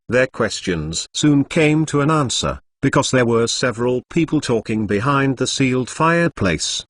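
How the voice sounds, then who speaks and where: A man's voice: medium pitch, animated, normal speed, few pauses, a bit bright. A man narrating a story as an audiobook. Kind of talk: audiobook narration of fan fiction.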